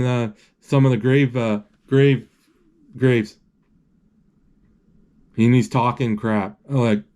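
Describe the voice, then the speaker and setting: A man's voice: mid-range voice, warm tone. A man describing a film as he watches it, often stopping to hunt for words and restarting his sentences. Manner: halting, searching for words; frequent restarts and fillers. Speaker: movie describer. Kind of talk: live play-by-play of a film.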